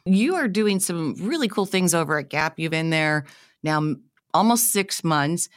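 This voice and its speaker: Enthusiastic low-voiced woman host. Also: animated, measured pace. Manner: enthusiastic, friendly, questioning. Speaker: podcast host. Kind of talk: interview.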